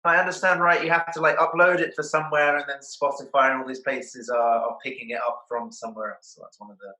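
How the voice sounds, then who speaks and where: A man's voice: medium pitch, level tone, fast talker, bright, forceful tone, reverberant, rough recording. A man moderating a question session after a talk, polite and encouraging as he thanks the speaker and asks questions. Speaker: event host.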